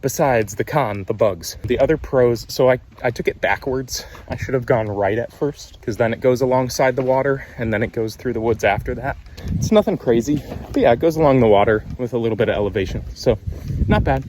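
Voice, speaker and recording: A young man talks to his handheld camera while hiking a wooded trail outdoors, chatty and upbeat with self-teasing humor. His pitch sits mid-range for a man, with faint noise in the background. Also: a little fast, darkish tone. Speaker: vlogger. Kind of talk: casual hiking vlog.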